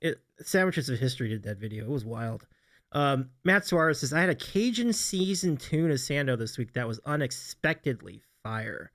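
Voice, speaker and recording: Animated male livestream host. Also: mid-range voice, moderate pace. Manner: animated, laughs often, reads chat aloud. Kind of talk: casual livestream chat.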